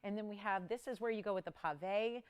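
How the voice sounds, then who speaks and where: A woman hosting a live home-shopping show, pitching jewelry in an upbeat, urgent, chatty way and counting down prices. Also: quick pace, clean tone.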